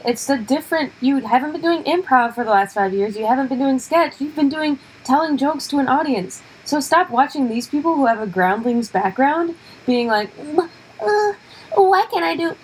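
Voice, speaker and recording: A young woman comedian with a high, husky voice, talking on a podcast. She rants emphatically and keeps chiming in with quick agreement. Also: expressive, low-quality recording. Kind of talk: casual chat.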